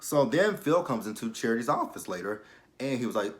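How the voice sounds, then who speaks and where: A man casually recapping a TV drama episode, sassy and animated, talking back to the characters. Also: medium pitch, a little fast. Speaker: TV show reviewer. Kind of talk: casual review vlog.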